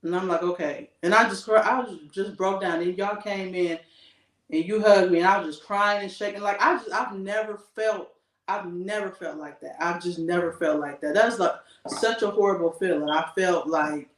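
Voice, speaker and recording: A woman co-hosting a casual podcast, telling a story with emphatic, animated delivery. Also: lowish voice, moderate pace, far from the mic. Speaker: podcast co-host. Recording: echoey room, voice off-mic.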